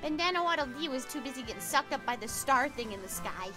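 High, bubbly woman streamer with a scratchy throat. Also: fast talker, over music. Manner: excitable, giggly, swears freely. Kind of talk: casual game-stream chat.

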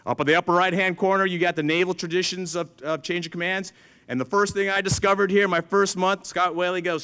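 A middle-aged museum chief engineer speaks animatedly to a crowd, narrating stories and acting out exchanges with others. His voice is high, sharp, and clean, delivered a little fast.

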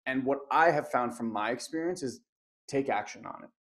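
A man's voice: medium pitch, a little fast, a bit bright. A man hosting a conversational interview in an earnest, affirming way. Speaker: host, life coach.

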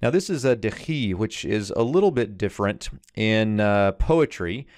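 A man explaining Hebrew grammar verse by verse in a short lesson, pausing with fillers and slowing down to read out translations. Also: fairly low pitch, animated, a little mellow, dry recording, studio quality. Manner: explanatory, with frequent "uh" fillers and slowed readings of Hebrew. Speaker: Hebrew teacher.

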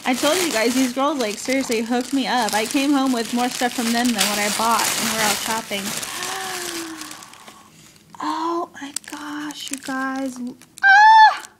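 High-pitched woman, gushing and squealy, crinkling paper and noise behind. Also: measured pace. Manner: gushing, squealing, chatty and giggly. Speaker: craft vlogger. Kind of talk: excited haul unboxing. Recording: noisy home recording.

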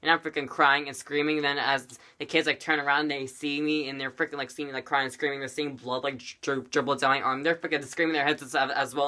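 Male vlogger, storytime, rambly and dramatic, bright tone, middle pitch. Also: little pitch movement, fast, hardly any pauses. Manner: rambling, many fillers, dramatic. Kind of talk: storytime vlog.

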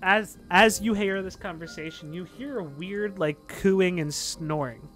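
A man's voice: high-pitched, measured pace, a bit bright. A man running a tabletop game as game master, narrating loosely with lots of fillers. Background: faint background music.

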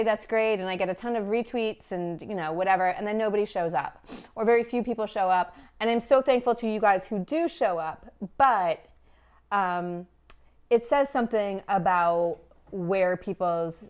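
A woman from Afghanistan talks through a recipe on a live cooking stream from her home kitchen. Her voice sits at a middle pitch, and her delivery is chatty and wry, with teasing asides. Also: clean tone. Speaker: cooking show host.

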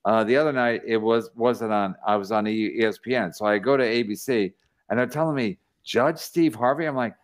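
Speaking at a medium pitch and a bit quickly, this podcast host keeps things casual and profane. His speech is full of stammering restarts.

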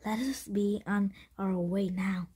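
A woman reading the lines of a calm, wise grown male caravan leader in a slow, breathy, half-whispered voice. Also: mid-range voice.

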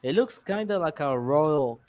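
A man's voice: on the high side, animated, unhurried, a little mellow, no echo. Laid-back man hosting a voice chat. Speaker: stream host. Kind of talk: casual group voice chat.

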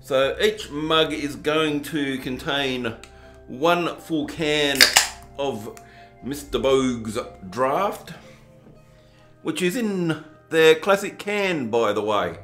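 Reviewing drinks on his home video channel, a southern Tasmanian man with an Australian accent chats casually and jokes at his own expense, hamming up the poshness. His voice is on the high side with drawn-out words, recorded amid roomy echo and faint music.

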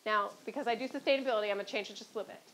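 A woman from Chicago, with a Chicago accent and a medium-pitched, fairly bright voice, races through stories on a panel as a former court clerk. The recording is rough, and her anecdotes are often punctuated with "right?".

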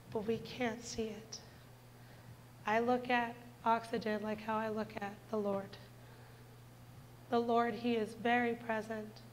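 A woman's voice: a little high, a little hiss or hum, poor audio. A woman in her twenties giving a heartfelt personal testimony in a church, speaking earnestly and directly to the congregation. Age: 20s.

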